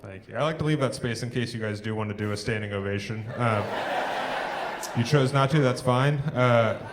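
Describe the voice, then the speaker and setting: A man's voice: medium pitch, moderate pace, very noisy. Young male stand-up, dry one-liners, crowd work, handheld mic, audible laughter from the house. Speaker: stand-up comedian. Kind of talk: live stand-up set. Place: theatre stage before a live audience. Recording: live theatre with audience laughter. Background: crowd laughing and clapping.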